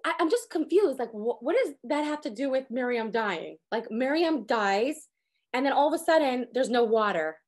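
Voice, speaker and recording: High-voiced, animated woman teaching. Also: moderate pace. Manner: animated storyteller, acts out quoted voices. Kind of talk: Torah lesson to a group.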